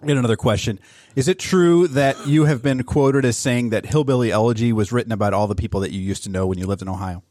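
A man's voice: mid-range voice, quick pace, a little mellow, no room sound, clean studio sound. A man co-hosting a podcast, asking a guest mock-serious questions. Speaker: podcast co-host.

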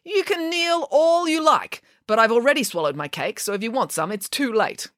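High squeaky voice, blunt cake-mad pig squire, indignant, storybook pig as a woman puts her on, dry close sound. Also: expressive, moderate pace, fairly bright tone, no room sound. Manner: high, exclaiming, matter-of-fact.

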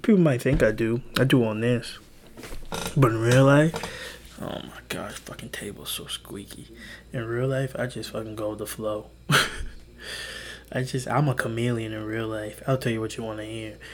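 Tired young man, mid-pitched, keeping his voice low and half-whispered; loose, profane solo podcast monologue over faint noise. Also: fairly even intonation, moderate pace. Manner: hushed, half-whispered rambling with swearing and laughs. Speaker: podcast host.

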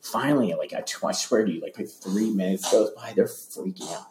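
A man telling road stories as an interview guest in a loose, excitable way, full of fillers and restarts. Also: on the low side, reverberant, crowd noise. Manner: animated, fast, lots of fillers and restarts, acts out voices. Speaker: interview guest, former tour hypeman. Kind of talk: casual storytelling.

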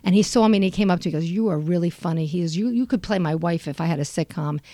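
An older woman comedian chatting in an interview, telling animated stories full of fillers and acted-out quotes. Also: racing, no room sound. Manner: animated storyteller, acts out quotes with big pitch jumps; frequent fillers. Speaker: stand-up comedian guest. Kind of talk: casual interview chat.

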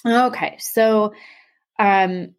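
A woman's voice: mid-range voice, very slow, creaky. Chatty woman explaining with many fillers. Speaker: podcast co-host presenting a topic. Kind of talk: casual conversational explainer.

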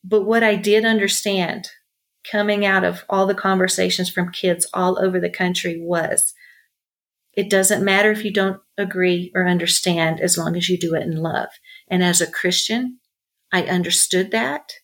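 A woman's voice: lowish voice, fairly even intonation, normal speed. Chatty middle-aged woman telling stories. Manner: chatty, warm storyteller with many fillers. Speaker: ranch owner and bar owner, guest. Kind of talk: casual interview storytelling.

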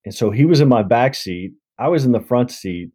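A man with a Southern American accent, a guest telling stories in an easygoing, measured way. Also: medium pitch, animated, dark tone, breathy edge. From Mississippi. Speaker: guest, endurance coach. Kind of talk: casual conversational interview.

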